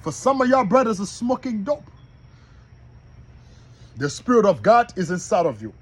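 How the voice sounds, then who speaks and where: A man teaching from the Bible like a preacher, reading verses slowly and asking the listeners if they are following him. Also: high-pitched, very animated, husky. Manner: reads verses slowly and repeats them. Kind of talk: street-style bible teaching.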